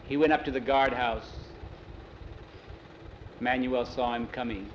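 A man telling a story from memory in a plain, unhurried way, tagging each line with "he says" and now and then restarting a phrase. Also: mid-range voice, fairly even intonation, dull audio, a little hiss or hum. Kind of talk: oral storytelling, told from memory.

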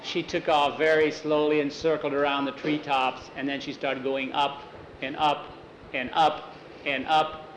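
A man telling a story aloud in a lively, expressive way. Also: a little high, unhurried, slight background noise. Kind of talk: animated storytelling. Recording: echoey room with faint ambience.

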